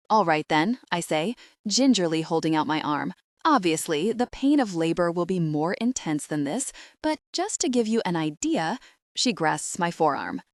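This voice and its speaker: A woman narrating a comic novel in the first person, expressive and animated. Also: fairly low pitch, dry recording, studio quality. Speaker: audiobook narrator.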